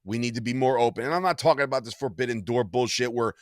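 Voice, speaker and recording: A man's voice: medium pitch, fast, dry recording, clean studio sound. A man co-hosting a wrestling podcast in casual chat, opinionated and blunt, swearing freely. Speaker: podcast co-host.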